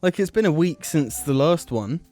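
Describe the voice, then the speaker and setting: A man's voice: a little high, lively intonation, normal speed, a little mellow, faint music behind. A man co-hosting a comedy podcast, rambling in a mock-serious way with many fillers. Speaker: podcast co-host. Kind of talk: casual comedy podcast chat.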